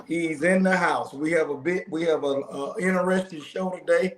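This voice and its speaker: A man's voice: a little high, normal speed. A man hosting a casual sports podcast, opening with showman-style introductions and teasing his co-hosts. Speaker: podcast host. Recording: echoey room with faint noise.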